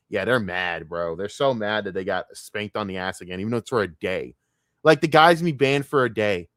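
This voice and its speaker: A man's voice: mid-range voice, a bit bright, smooth, no echo, studio quality. Brash man ranting on a live stream. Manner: profane, combative and mocking. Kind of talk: casual live-stream rant.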